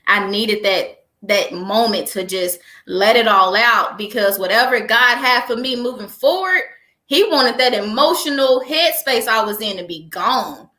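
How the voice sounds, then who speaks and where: Bright-voiced woman telling her story. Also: a little high, measured pace, echoey room. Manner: animated storyteller, laughs often. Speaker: guest, entrepreneur. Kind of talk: casual interview chat.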